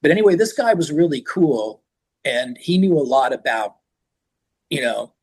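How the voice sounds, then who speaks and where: An older man with a husky voice speaks as an interview guest in a loose, conversational way. He rambles from story to story and acts out the sounds and voices he remembers, at a middle pitch. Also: sing-song, moderate pace, a little mellow. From San Francisco Bay Area. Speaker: rock singer, interview guest. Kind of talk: casual interview chat.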